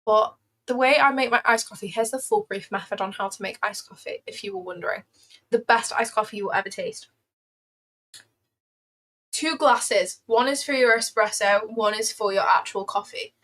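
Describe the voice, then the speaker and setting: A woman's voice: a little high, expressive, moderate pace, fairly bright tone, rough recording. Chatty young woman streaming. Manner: playful, rambling, reacts to chat. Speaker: trading livestreamer. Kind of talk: casual livestream chat.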